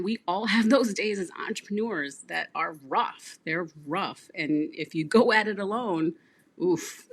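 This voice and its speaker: A woman's voice: lowish voice, a bit bright, husky. A woman business coach hosting a livestream, chatting casually and telling client stories with acted-out dialogue. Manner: storytelling, acts out client dialogue, laughs often.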